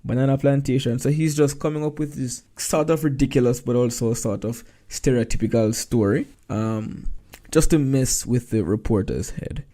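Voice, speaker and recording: A man's voice: medium pitch, mellow. A man teaching exam prep, talking through past-paper answers in a conversational way and reading quoted lines aloud. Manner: conversational, reads quoted lines aloud, asks rhetorical questions.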